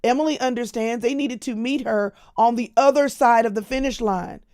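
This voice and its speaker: Here a middle-aged woman, a Christian speaker, talks to camera at a normal pace in a fairly high, darkish voice. Her manner is chatty and storytelling, addressing viewers directly as "y'all" while giving a personal update.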